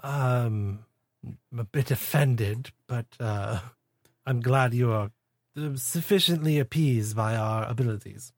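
A man's voice: medium pitch, slow pace, a little mellow, no room sound, studio quality. Man playing a courtly paladin. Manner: polite, courtly banter. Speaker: player. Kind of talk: in-character tabletop role-play.

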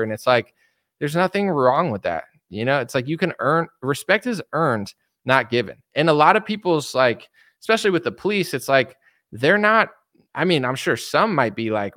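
A man's voice: on the high side, fairly bright tone, no echo, clean studio sound. A young man hosting a livestream, talking casually and animatedly, rambling and mimicking imagined people. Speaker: streamer host.

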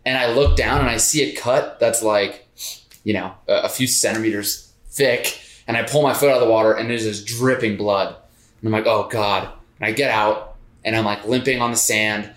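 A man on a podcast, telling a personal story in a casual, animated way and laughing as he goes. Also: fairly low pitch, normal speed. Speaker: podcast co-host. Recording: roomy echo.

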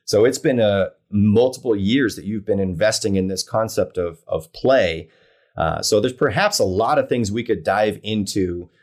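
Man, lowish voice, interviewer, conversational, rambling questions. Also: moderate pace, a little mellow. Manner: conversational, rambling questions, frequent "mm" listening sounds. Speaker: interviewer host.

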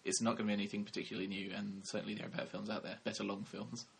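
A man's voice: on the low side, flat delivery, rapid-fire, vocal fry, a little hiss or hum. A young man co-hosting a film podcast, rambling wryly in casual chat and correcting himself. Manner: wry, rambling, self-correcting. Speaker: podcast co-host, film critic.

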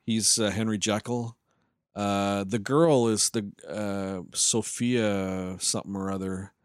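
A man's voice: fairly low pitch, steady tone, slow, smooth, no echo, clean studio sound. A man co-hosting a casual chat, easygoing and agreeable, telling stories with animation. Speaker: podcast co-host.

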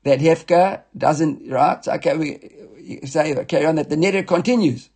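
Man, husky voice, slightly high pitch, casual Talmud class teacher reading and explaining text. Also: normal speed, darkish tone. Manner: mixes Hebrew-Aramaic readings with English explanation, frequent self-corrections. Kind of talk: informal text study class.

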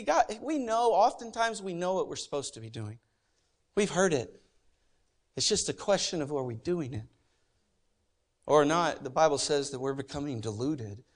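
A pastor preaching a sermon in a church, animated and emphatic, with joking asides. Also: male voice, medium pitch. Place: church sanctuary.

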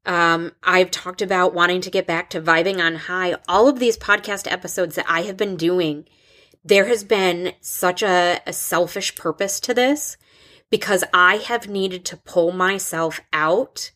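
A woman in her thirties, a school counselor hosting a podcast, talking in a halting, open way with many restarts. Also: lowish voice, bright, forceful tone. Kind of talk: casual podcast conversation.

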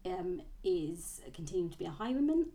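A woman's voice: fairly low pitch, sing-song, moderate pace, dark tone. A woman co-hosting a podcast, chatting casually about a novel and recapping its plot with plenty of ums. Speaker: podcast co-host. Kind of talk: casual book discussion.

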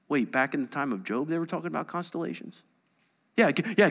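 A man's voice: medium pitch, quick pace. A man preaching a sermon, reading scripture aloud and adding conversational asides, dropping at times to a whisper. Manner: dramatic, swings from loud to whispered; conversational asides with rhetorical questions. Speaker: pastor.

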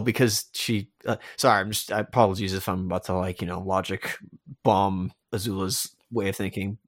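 A man's voice: sits low, steady tone, moderate pace, no room sound, clean studio sound. A man co-hosting a podcast, rambling and interrupting himself as he argues a point. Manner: rambling, self-interrupting, emphatic. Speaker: podcast co-host. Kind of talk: casual discussion.

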